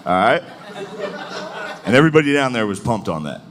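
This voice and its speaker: A man's voice: medium pitch, big pitch swings, brisk, a crowd in the background. A man doing a stand-up comedy set on a club stage, loose and profane, slipping into mocking voices. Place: comedy club stage before a laughing crowd. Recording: live club recording with audience noise.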